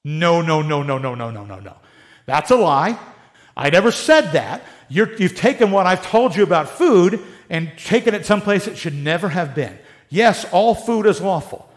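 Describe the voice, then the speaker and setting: A man's voice: high-pitched, big pitch swings, moderate pace. A man voicing a stern, exasperated apostle who scolds a church and insists over and over that he never said it.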